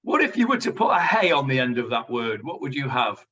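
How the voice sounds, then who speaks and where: Rabbi, bright and forceful voice, teaching online; sits back from the mic, audio dull. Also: male voice, medium pitch, very animated, fairly quick, distant mic. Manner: chatty, explains Hebrew words to students. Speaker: rabbi teaching a Talmud class. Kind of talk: online Talmud lesson. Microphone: video call.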